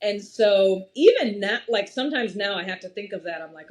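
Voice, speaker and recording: A young adult woman chatting as a podcast guest, animated and laughing often as she talks. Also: mid-range voice, brisk, hardly any pauses. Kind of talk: casual conversation.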